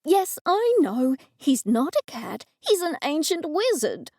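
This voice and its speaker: A woman's voice: sits high, animated, a little slow, darkish tone, no echo, clean studio sound, voice pushed up. A woman voicing a sixty-year-old heroine who sputters and shrieks in agitation. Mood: indignant.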